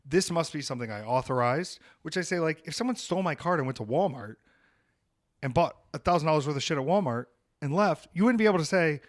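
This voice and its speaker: A man's voice: fairly high pitch, lively intonation, fast. A young adult man hosting a podcast, ranting in a heated, profane and emphatic way. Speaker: podcast host.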